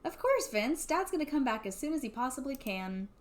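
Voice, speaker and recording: A woman's voice: high-pitched, sing-song, fairly quick. A woman reading the lines of an easygoing young man, a village big brother, from a video game. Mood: gentle. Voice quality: light, reading game dialogue aloud. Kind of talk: reading game dialogue aloud.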